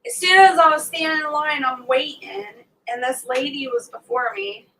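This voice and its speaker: A woman's voice: sits high, moderate pace, bright, forceful tone. A woman hosting a casual morning chat from home, rambling through a story for her viewers. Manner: chatty, rambling storyteller who scolds her pets mid-sentence. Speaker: homesteading livestream host. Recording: distant mic with faint background hum.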